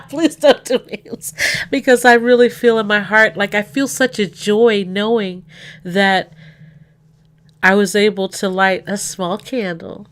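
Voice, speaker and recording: A woman's voice: mid-range voice, steady tone, slow pace, a bit bright. Woman, middle-aged, livestream host, tearful, rambling casual chat. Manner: tearful, rambling, full of restarts and laughs. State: crying. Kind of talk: emotional casual chat to a live audience.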